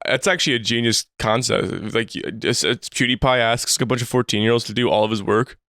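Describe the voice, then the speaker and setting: A man's voice: medium pitch, fairly even intonation, brisk, pushed and bright, dry recording, clean studio sound. A man co-hosting a podcast, joking bluntly and crudely. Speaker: podcast co-host. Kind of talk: casual podcast banter.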